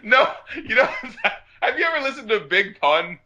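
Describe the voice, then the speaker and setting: Giggly high-voiced man chatting. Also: very animated, a little slow, sharp tone. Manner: laughs often, quotes lyrics and scenes in goofy voices. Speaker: podcast co-host. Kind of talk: casual chat.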